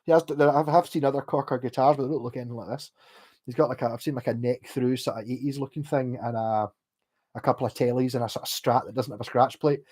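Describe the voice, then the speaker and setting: A man's voice: mid-range voice, fairly even intonation, quick pace, a little mellow. A Scottish man rambling casually on a livestream about guitar repair, with many restarts and the odd swear word.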